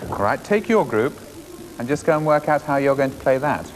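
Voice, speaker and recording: Lively-voiced man leading a classroom music lesson. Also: medium pitch. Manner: encouraging, brisk teacher questions. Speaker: music presenter teaching a primary class. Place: school hall with children. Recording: 1980s schools TV, reverberant school hall, faint hiss.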